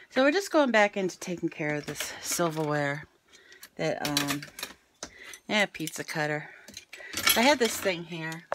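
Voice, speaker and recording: A woman's voice: lowish voice, a little hiss or hum. A middle-aged woman with a slight Southern accent, chatting casually with many ums as she shows her kitchen on a handheld camera. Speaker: vlogger. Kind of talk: casual home tour chat. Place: home kitchen. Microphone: handheld camera moved around while talking.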